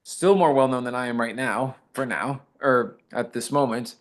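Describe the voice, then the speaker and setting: A man's voice: medium pitch, moderate pace. A man, an actor, talking modestly in a casual interview and retelling fan encounters with quoted dialogue. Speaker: actor guest.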